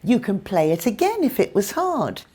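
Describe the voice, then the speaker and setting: A woman with a British accent teaching English pronunciation, modelling sounds clearly and carefully. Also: medium pitch, very animated, moderate pace, mellow. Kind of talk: pronunciation lesson.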